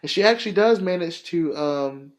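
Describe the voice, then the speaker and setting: A man hosting a podcast, casually retelling a movie plot in a rambling, profane, animated way full of fillers. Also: fairly high pitch, normal speed. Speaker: podcast host.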